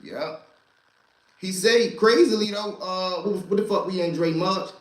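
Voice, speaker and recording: A man with a somewhat high voice tells wild stories from his past in loose, profane street slang, repeating lines for punch. The sound bounces around an echoey room. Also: a little slow. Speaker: host telling street stories. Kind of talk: casual storytelling.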